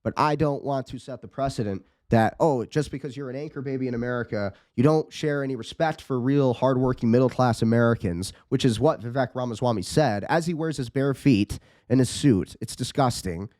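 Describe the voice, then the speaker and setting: A man's voice: mid-range voice, a little fast, few pauses, a little mellow, no room sound. A man hosting political commentary, indignant and piling up rhetorical questions. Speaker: host and commentator.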